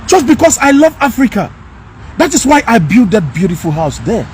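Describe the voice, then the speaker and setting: A man's voice: very high voice, sing-song, normal speed, darkish tone, slight background noise. A man from Nigeria with a Nigerian accent, speaking straight to his viewers in an emphatic, repetitive, angry rant, recorded outdoors. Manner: emphatic, repetitive, rising to anger. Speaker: commentator. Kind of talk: impassioned direct-to-camera rant.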